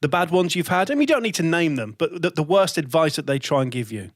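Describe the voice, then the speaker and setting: A man hosting an interview show, asking long questions that stop and start. The sound is dry, and his voice sits a little higher than most men's. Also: big pitch swings, fast, no room sound. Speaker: podcast host. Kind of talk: interviewing a guest.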